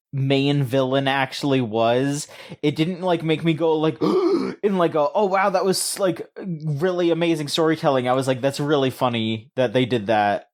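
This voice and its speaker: A man's voice: mid-range voice, a little mellow. Rambling laid-back male podcast co-host. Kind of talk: casual chat.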